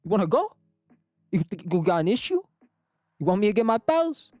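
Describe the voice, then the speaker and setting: A man voicing a brash teenage boy acting like an Italian-style mob tough, picking fights with rapid-fire taunts. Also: sits high, big pitch swings, a little mellow, no echo, studio quality, faint music behind, voice pushed up. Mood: aggressive.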